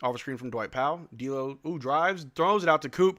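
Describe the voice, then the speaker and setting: Animated, bright-voiced streamer calling the game. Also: male voice, a little high, brisk, hardly any pauses. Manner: excitable play-by-play mixed with joking asides, says "bro" often. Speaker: live stream host. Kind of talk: casual live game watch-along commentary. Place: at home.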